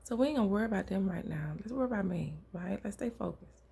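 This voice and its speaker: A woman's voice: medium pitch, expressive, quick pace, creaky, warm tone, husky, pitched above the performer's own voice, heavily acted. A woman voicing a grown man teacher who firmly tells a follower to leave someone alone, in plain, casual speech. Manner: firm, plain-spoken, dismissive.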